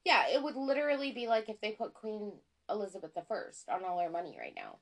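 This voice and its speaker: A woman co-hosting a podcast in casual chat, excitable and self-deprecating, stumbling over words when she gets worked up. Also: medium pitch, fairly quick. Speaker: podcast co-host.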